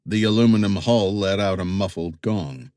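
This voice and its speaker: A man reads a thriller audiobook in a measured, suspenseful way. His voice sits low, and the recording is dry and close with no room sound. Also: a little mellow, no room sound. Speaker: audiobook narrator. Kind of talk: scripted thriller narration.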